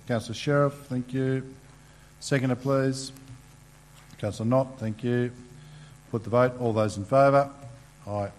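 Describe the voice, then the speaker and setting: Halting man chairing a meeting. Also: mid-range voice, steady tone, a little mellow. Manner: halting, filler-heavy procedural reading.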